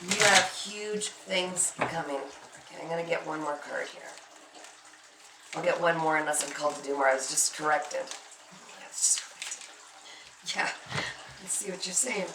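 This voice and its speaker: A woman's voice: deep voice, moderate pace, long pauses, far from the mic. A woman giving a spiritual tarot reading, speaking emphatically and reassuringly straight to the listener. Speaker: tarot card reader. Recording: echoey room, off-mic, faint noise.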